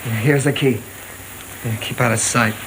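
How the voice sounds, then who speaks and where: A man's voice: mid-range voice, steady tone, moderate pace, natural voice. An actor in a 1930s film playing a nervous young male boxer on the run, who stammers and gets defensive. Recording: old film soundtrack with clear hiss.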